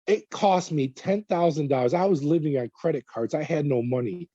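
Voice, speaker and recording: A man recounts his experience as a guest in an interview, slipping into the voices of the people around him as he goes. His tone is very dark and mellow with a husky edge, heard dry and slightly dull. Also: a little high, moderate pace, no room sound. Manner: animated retelling with quoted dialogue. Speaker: guest, former corrections officer. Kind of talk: storytelling in an interview.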